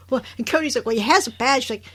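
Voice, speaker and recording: A woman's voice: high voice, fast talker, fairly bright tone. A woman co-hosting a podcast, recapping a show in casual chat, laughing often and acting out the characters' lines. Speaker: podcast co-host.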